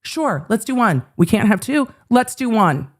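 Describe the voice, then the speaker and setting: A woman's voice: fairly high pitch, big pitch swings, a little slow. A woman hosting a live legal commentary stream, talking casually and profanely with her chat and riffing on courtroom moments. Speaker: legal commentary livestream host.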